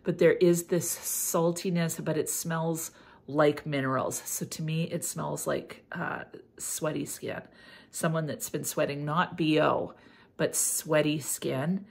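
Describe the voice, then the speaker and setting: A woman's voice: low-pitched, gravelly, slightly rough. A middle-aged woman vlogger chatting casually and animatedly about fragrances, full of "like" fillers. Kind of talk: casual chat.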